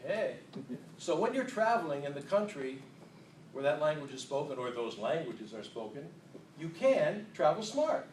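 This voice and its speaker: A man giving a humorous contest speech to an audience in a hall, playful and self-mocking, with unhurried comic timing. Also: a little high, big pitch swings, a little mellow, a little hiss or hum. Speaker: contest speaker. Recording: echoey hall, distant mic.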